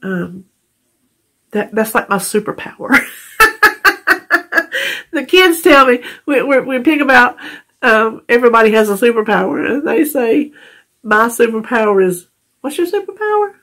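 A woman's voice: fairly high pitch, lively intonation, unhurried, long pauses, fairly bright tone. A middle-aged woman from North Carolina, talking tearfully and rambling in a heartfelt casual vlog, stumbling over words and laughing often. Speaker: vlogger.

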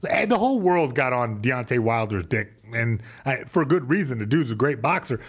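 A man with a loud, emphatic way of talking, dropping casual curses as he breaks down fight strategy. His pitch sits in an ordinary middle range for a man. It is relaxed, off-the-cuff podcast chat. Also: moderate pace. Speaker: podcast guest, former fighter.

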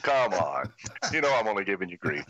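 A man's voice: deep voice, very animated, a little fast, a loud crowd. A man co-hosting a talk show, bantering and then welcoming the guest with stammered restarts. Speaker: co-host. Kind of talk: casual chat. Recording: dull dry lo-fi sound.

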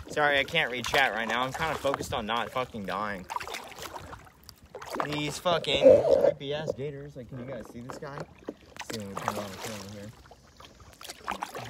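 A young man talking casually on a live stream from a kayak on a river, slangy, swearing and excitable. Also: mid-range voice. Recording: loud outdoor wind and water noise.

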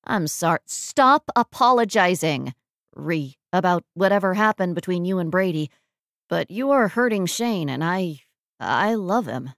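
A woman voicing a soft, apologetic man. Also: fairly low pitch, animated, moderate pace, dry recording, clean studio sound. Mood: earnest. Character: apologetic, gently teasing man.

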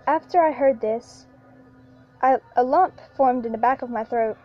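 High-voiced woman reading a horror story. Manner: halting, with frequent restarts and repeated lines. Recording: lo-fi with faint background music.

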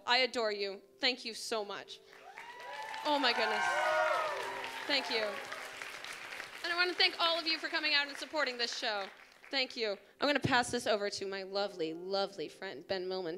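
A young woman organizer giving a gushing, excitable thank-you speech on a theater stage with a handheld mic. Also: a little high, normal speed, over a noisy crowd, very noisy. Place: theater stage before an audience. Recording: live theater with audience sounds. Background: audience.

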